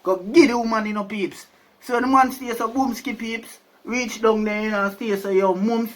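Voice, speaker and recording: Jamaican man, very high voice, casual storytelling, chatty. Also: steady tone, normal speed, fairly bright tone. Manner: chatty, keeps asking "you see me?".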